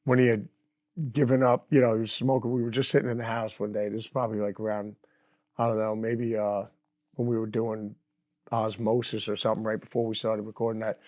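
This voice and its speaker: Middle-aged man, relaxed anecdote teller, easy laughs. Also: on the low side, brisk. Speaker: guest guitarist. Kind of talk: casual storytelling.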